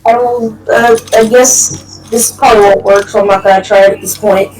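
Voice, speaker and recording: A woman's voice: mid-range voice, steady tone, normal speed, darkish tone, far from the mic, faint music behind, low-quality recording. A woman playing in a role-play game, making dry wisecracks. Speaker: player.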